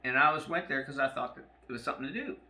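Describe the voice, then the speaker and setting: A man's voice: mid-range voice, rapid-fire, bright, forceful tone. Rambling, profane older man. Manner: rambling, profane, with many fillers. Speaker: storyteller. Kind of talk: rambling personal storytelling. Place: a room at home. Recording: roomy echo, faint ambience.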